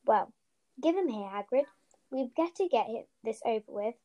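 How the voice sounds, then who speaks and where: A woman voicing a stern older witch professor who speaks briskly in hushed tones. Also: a little high, expressive, close to an everyday voice.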